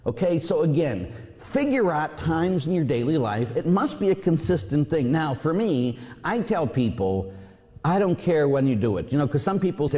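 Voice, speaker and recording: A Catholic priest preaching a sermon, telling stories with lively energy and acting out voices. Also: male voice, on the high side, moderate pace. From Pittsburgh area. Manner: animated storytelling, acts out voices. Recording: long hall reverb.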